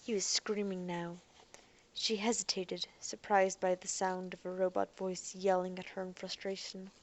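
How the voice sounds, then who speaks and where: A woman narrating an audiobook in a quiet, even storytelling manner. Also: lowish voice, normal speed. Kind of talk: scripted narration.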